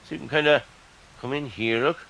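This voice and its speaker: An Irish man giving casual, excitable gameplay commentary and chatting to his viewers as "lads". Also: medium pitch, brisk, vocal fry, poor audio. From Ireland. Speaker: gaming YouTuber.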